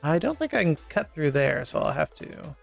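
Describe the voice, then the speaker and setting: A man's voice: a little high, wildly swooping pitch, normal speed, gravelly, soft background music. A Canadian man casually chatting through a live game stream, with rambling, self-mocking asides. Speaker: gaming streamer.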